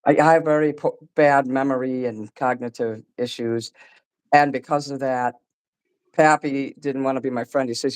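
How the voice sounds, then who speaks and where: A man's voice: medium pitch, fairly even intonation, moderate pace, rough recording. A man ranting angrily and profanely about a friend, repeating himself and talking over the other person. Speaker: artist ranting on a call-in show. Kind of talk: agitated rambling rant.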